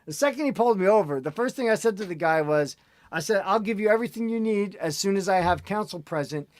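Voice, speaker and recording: A man holds forth in an animated, ranting way while he chats as host. His voice sits a little high, and the sound is close and dry, with no room around it. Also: fast talker, no room sound. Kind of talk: casual chat.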